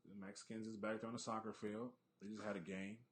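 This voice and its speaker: A man's voice: on the low side, level tone, fast talker. A man who is a guest on a podcast, telling his stories in a matter-of-fact, plainspoken way in casual chat. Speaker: podcast guest, heavyweight fighter.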